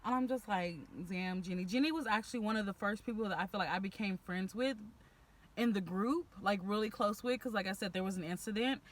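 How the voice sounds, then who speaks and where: Speaking quickly in a mid-range voice, this young adult vlogger with a Houston accent talks to camera about her friends. Her delivery is casual, lively, and packed with slang.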